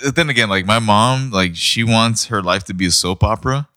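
A man on a podcast, talking in a relaxed, reflective casual chat and asking probing questions. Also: on the low side, moderate pace. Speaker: podcast co-host.

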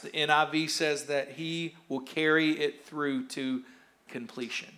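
Encouraging pastor on a church stage. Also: male voice, a little high, little pitch movement, measured pace. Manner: warm, encouraging, conversational. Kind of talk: sermon and interview of congregants.

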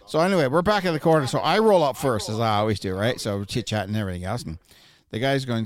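A man's voice: mid-range voice, animated, fast talker. A man telling a joking story among friends, acting out both sides of a conversation. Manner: joking, acts out dialogue. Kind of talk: casual chat.

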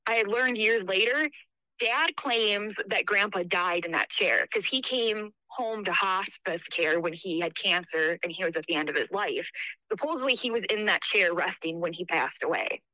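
Speaking at a moderate pace in a medium-pitched voice, a New York State woman calls in and retells a story animatedly, chatting with plenty of fillers. The casual call audio is muffled, with no room sound.

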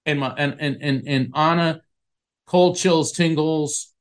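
A man's voice: fairly high pitch, steady tone, unhurried, fairly bright tone, smooth. A man, an author being interviewed, telling a personal story in an earnest, emotional way with frequent restarts. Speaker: author and podcast guest.

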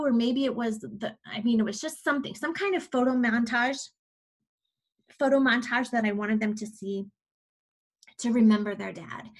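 A woman in her forties, a podcast guest, telling a personal story in a candid, reflective way with frequent restarts. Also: a little high.

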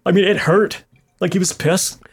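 A man with a voice a little higher than most talks eagerly in a relaxed chat. He stumbles and repeats himself as he goes over his favorite scenes, often breaking into laughter. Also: normal speed, slightly rough. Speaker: co-host talking about movies. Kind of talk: casual chat.

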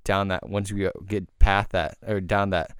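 Deep-voiced young man telling a spooky story. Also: level tone, unhurried, clean tone, no room sound, studio quality. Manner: rambling, heavy swearing, hushed when telling the eerie part. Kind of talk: casual storytelling.

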